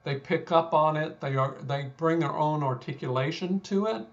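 A man's voice: a little high, normal speed, muffled recording. Texan man explaining at length. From Texas. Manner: thoughtful, self-deprecating, frequent fillers and restarts. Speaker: guest scholar. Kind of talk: conversational explanation.

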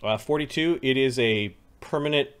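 A man at a mid-range pitch narrates a tabletop game as its game master. He paints each room in unhurried detail and chuckles between the details. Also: clear, resonant tone.

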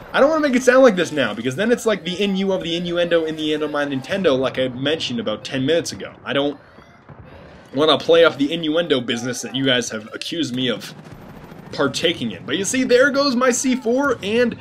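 A man giving casual gameplay commentary, joking and rambling with animated asides to his viewers. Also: a little high, a little hiss or hum.

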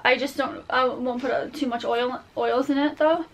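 A woman chatting casually to her camera at home, giggly and relaxed. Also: high-pitched, moderate pace, slight background noise. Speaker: vlogger.

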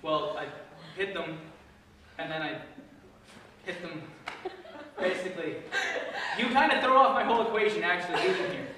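Guy doing a loud bragging bad cop, super high voice, noisy background. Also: normal speed, long pauses. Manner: blustering, shouting threats. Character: brash hot-headed male bad cop thief. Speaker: improv performer. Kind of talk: improv comedy scene. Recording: echoey room from far off, noisy.

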